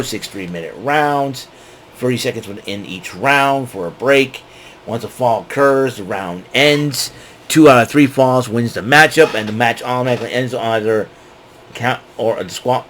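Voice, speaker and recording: A man's voice: medium pitch, a little hiss or hum, rough recording. A man giving a casual, rambling recap as host, with many fillers and restarts. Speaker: wrestling show recap host.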